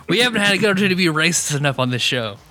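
A man co-hosting a podcast, trading jokes and quick asides. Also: high-pitched, sharp tone. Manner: jokey, laughing asides. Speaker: podcast co-host. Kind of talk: casual podcast banter.

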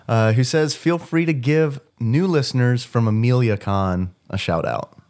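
A man's voice: mid-range voice, measured pace, a little mellow. Male podcast host, casual and joking, reads listener messages. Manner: jokey, reads listener texts, laughs often. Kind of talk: casual chat.

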